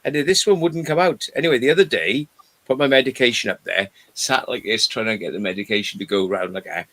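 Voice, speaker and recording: A man's voice: mid-range voice, fast, sharp tone. Rambling, swearing storyteller man. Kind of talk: casual chat.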